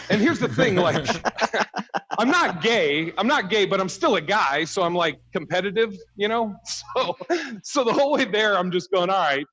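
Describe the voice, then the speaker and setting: Guy doing standup over a video call, somewhat high voice, keeps cracking up at his own jokes and cursing. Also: a bit bright, low-quality recording. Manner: laughs at his own punchlines, swears freely. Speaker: stand-up comedian. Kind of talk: stand-up storytelling set.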